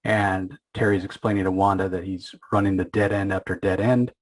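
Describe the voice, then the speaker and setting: Man, podcast host, low voice, husky, casual comic recap, fillers and restarts. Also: little pitch movement, poor audio. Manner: retells scenes with quick acted quotes, many fillers and restarts.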